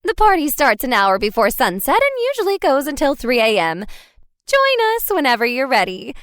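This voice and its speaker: Woman voicing a cheery sing-song hostess for an audiobook, high and bouncy. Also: huge pitch swings, normal speed, a bit bright, no echo, clean studio sound, heavily acted. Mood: chirpy. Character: perky woman guide, chirpy hostess.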